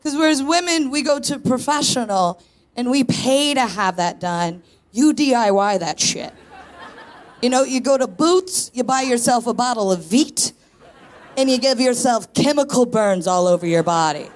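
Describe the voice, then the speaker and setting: A woman in her thirties, a stand-up comedian and co-host, performs a confessional, self-mocking set on a live stage in a tent venue before an audience. Her fairly high voice has lively intonation at a moderate pace as she tells stories with punchy asides.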